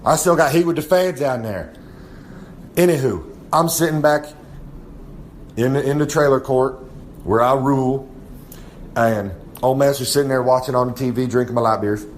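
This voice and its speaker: A man's voice: mid-range voice, moderate pace, long pauses. Male wrestler type, cocky drawling braggart, slight room noise. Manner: swaggering, rambling, drawling brag. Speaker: wrestler giving a comic segment. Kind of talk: boastful in-character monologue.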